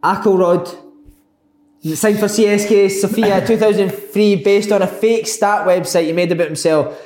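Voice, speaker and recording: A man's voice: high-pitched, darkish tone. A man hosting a casual football podcast, swearing freely and laughing often. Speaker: podcast host. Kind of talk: casual chat. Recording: echoey room with faint noise.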